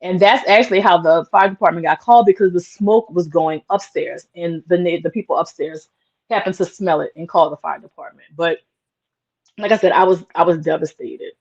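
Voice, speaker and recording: A woman's voice: lowish voice, a little fast, darkish tone. A woman guest in an interview, telling a personal story in an earnest, emotional way, with lots of "like" fillers. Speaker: interview guest, small business owner. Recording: dull lo-fi sound.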